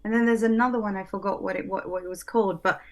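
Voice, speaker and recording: A woman speaks as an interview guest, chatting casually at a middle pitch. She pauses often, restarts her sentences and laughs softly as she gathers her thoughts. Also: steady tone. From lives in London. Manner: hesitant, many ums and restarts, laughing softly. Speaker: guest, English teacher.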